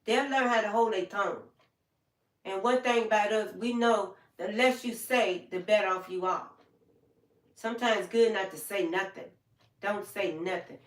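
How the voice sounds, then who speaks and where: A woman's voice: medium pitch, moderate pace, roomy sound, far from the mic. Folksy older woman chatting to viewers. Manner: folksy and heartfelt, talks straight to viewers by name. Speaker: livestream host. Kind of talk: casual livestream chat with viewers.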